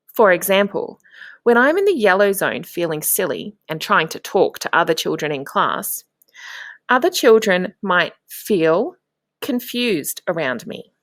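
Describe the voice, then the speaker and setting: Slow, sing-song teacher woman. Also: mid-range voice, a bit bright, no echo, studio quality. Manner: slow, sing-song and encouraging, with clear prompts to the class. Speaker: primary school teacher. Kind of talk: instructional narration for young children.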